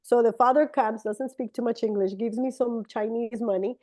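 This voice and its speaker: A middle-aged woman whose first language is Spanish tells a long personal story in casual, animated talk. Her voice sits a little high but has a mellow, warm tone. She leaps up into bright, excited tones when acting out what people said. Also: normal speed. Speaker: speaker sharing a testimony.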